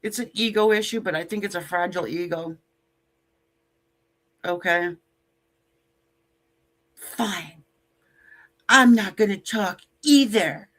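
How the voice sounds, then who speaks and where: Woman doing a tarot reading real slow, blunt and jokey, sassy little asides, swears some. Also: medium pitch, fairly bright tone. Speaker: tarot reader. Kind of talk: casual tarot reading to camera.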